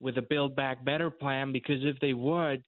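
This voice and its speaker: A man's voice: mid-range voice, steady tone, normal speed, no room sound. Earnest man caller over a phone. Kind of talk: call-in radio talk. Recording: tinny phone line.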